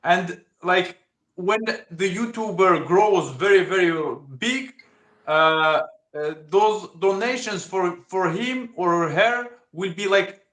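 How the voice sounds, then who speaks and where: An Algerian man with a high voice chats casually as a livestream host. He halts often and restarts his sentences while hunting for words. The sound is roomy and echoey. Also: fairly bright tone. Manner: halting, searching for words, many restarts.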